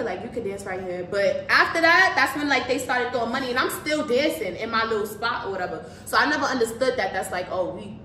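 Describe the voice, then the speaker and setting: A young woman with a New York accent tells a story in casual chat, her voice a touch high. She quotes others as she goes and says "like" a lot. She sits back from the mic in an echoey room with faint background noise. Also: distant mic. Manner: animated, acts out quotes, frequent "like". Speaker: dancer in training.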